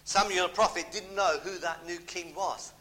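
A man's voice: sits high, steady tone, normal speed, pushed and bright, poor audio. A middle-aged man with a British accent preaching a sermon, emphatic, repeating key phrases and adding homely asides.

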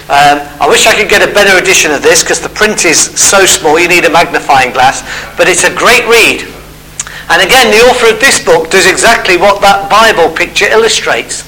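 Male preacher, high bright voice, chatty explanatory sermon delivery. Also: a little hiss or hum, rough recording. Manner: conversational, explaining step by step.

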